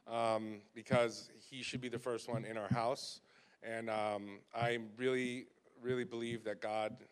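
A man's voice: mid-range voice, clear, resonant tone. A man leading a church gathering, speaking earnestly and emotionally in a conversational, self-deprecating way. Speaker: church leader. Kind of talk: informal church talk.

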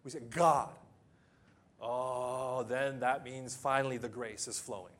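A man preaching a sermon as pastor, emphatic, with long pauses, building to loud peaks and then dropping low. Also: fairly even intonation. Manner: acts out simple illustrations with sound effects.

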